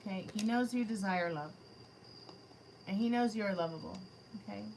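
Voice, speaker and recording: A woman's voice: medium pitch, normal speed, a little mellow, slight background noise, poor audio. A woman giving a live-streamed tarot reading, chatting casually and addressing spirits and her chat directly. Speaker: tarot reader. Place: her home.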